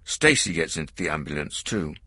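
Deep lively male narrator, bright, husky, dry close recording. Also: a little fast, no room sound. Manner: lively, plain reading for learners. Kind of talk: scripted storybook narration.

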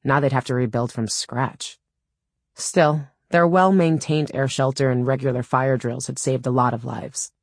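A woman's voice: extremely low pitch, steady tone, unhurried, no echo. A woman reading a first-person audiobook in a wry, dry storytelling manner, close to a studio mic. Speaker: audiobook narrator.

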